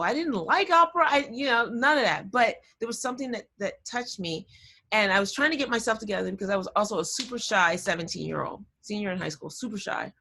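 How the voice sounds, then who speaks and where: A woman tells a personal story to a class over a video call, animated and chatty, often drifting off on side notes. Her voice sits at a middle pitch, and the sound is the plain audio of a laptop call. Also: slightly rough. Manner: animated, chatty, easily sidetracked. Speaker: guest speaker.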